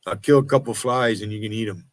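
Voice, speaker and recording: On his livestream, a sixty-something American man lets loose an angry rant full of profanity and confrontation. He talks quickly in a fairly low voice, with no echo in the recording.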